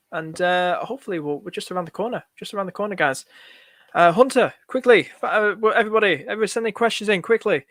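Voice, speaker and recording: A man hosting a live fantasy football stream, answering viewers' questions in a rushed, excitable way and calling everyone "mate". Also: sits high, no room sound. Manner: excitable, rushed, repeats himself, says "mate" a lot.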